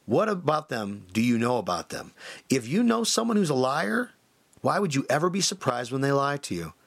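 A man hosting a podcast, telling a story casually with many fillers and lively shifts in tone. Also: mid-range voice, normal speed, creaky. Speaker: podcast host.

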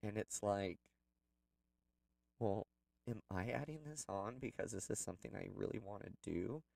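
A man's voice: fairly low pitch, normal speed, vocal fry, a little mellow, no echo, far from the mic, poor audio. A man telling a personal story in a candid, rambling way, with plenty of fillers. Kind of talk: personal reflective monologue.

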